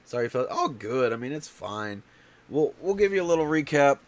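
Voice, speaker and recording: A man's voice: mid-range voice, big pitch swings, a little fast. A man hosting a casual home livestream, stuffy and out of breath, talking in a tired, rambling way full of fillers and restarts. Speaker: livestream host.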